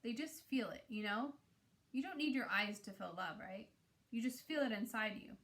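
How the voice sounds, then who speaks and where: A woman voicing a tired, loving mother who soothes her son in a hushed, comforting way. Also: fairly high pitch, normal speed. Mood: soothing, tired.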